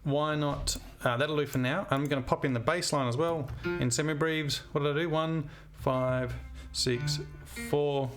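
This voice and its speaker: A music teacher thinks aloud and scats melodies while talking through a screen-recorded composition demo. His voice is a little high, with fairly even intonation, a measured pace and hardly any pauses.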